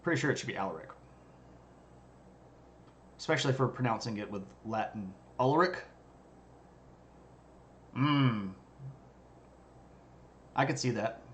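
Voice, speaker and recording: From his streaming setup, a male history streamer gives a casual, joking history lecture and banters with viewers' chat. His mid-range voice has lively intonation and a slightly bright tone, running a little slow with frequent pauses. A faint hiss or hum is audible.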